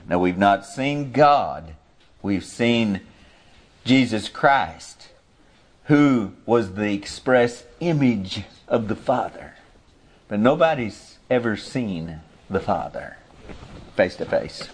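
Earnest, halting low-voiced male preacher. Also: animated, husky. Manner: halting, searching for words, restarts; earnest, reads scripture slowly. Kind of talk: informal sermon, Bible teaching.

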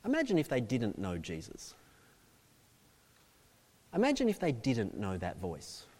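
A man preaching a sermon with dynamic delivery, swinging from loud emphasis to hushed asides. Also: medium pitch, huge pitch swings, measured pace, husky, in a large hall. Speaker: pastor.

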